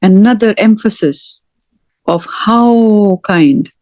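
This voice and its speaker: A middle-aged woman teaching a word-by-word scripture lesson, speaking deliberately and repeating each word as she explains it. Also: mid-range voice, a little mellow, no room sound. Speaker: Quran teacher.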